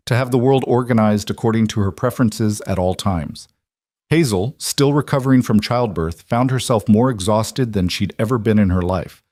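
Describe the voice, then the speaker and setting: Low-voiced male story narrator. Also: darkish tone, dry recording, clean studio sound.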